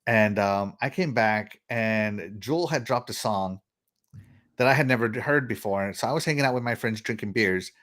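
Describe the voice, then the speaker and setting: A man's voice: fairly low pitch, normal speed, fairly bright tone. A middle-aged man from Texas hosting a casual gaming podcast, rambling and laughing as he reads out viewer comments. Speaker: podcast host.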